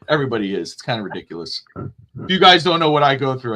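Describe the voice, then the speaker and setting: A man hosting a casual sports talk show, rambling and jokey and quick to laugh. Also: a little high, huge pitch swings, pushed and bright. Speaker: podcast host.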